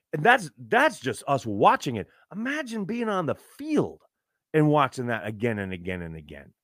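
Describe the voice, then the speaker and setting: A man's voice: a little high, no room sound, studio quality. A man hosting a fan podcast, exasperated and swearing freely as he rants and reads viewer messages. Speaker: podcast host. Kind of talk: live fan podcast rant.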